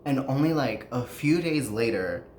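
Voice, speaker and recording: A history podcaster tells a story in loose, chatty speech, full of "like" and quick self-corrections and breaking into giggles. The tone is informal and enthusiastic. The room sounds echoey, with a faint hiss behind the voice. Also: medium pitch, lively intonation, a little mellow. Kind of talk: casual storytelling chat. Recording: roomy echo, faint noise.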